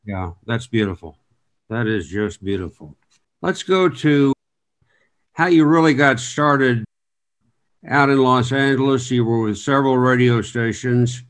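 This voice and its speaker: A man hosting an interview in a relaxed conversational way, praising his guest and asking about his career. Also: mid-range voice, a little slow. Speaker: interview host, former sportscaster.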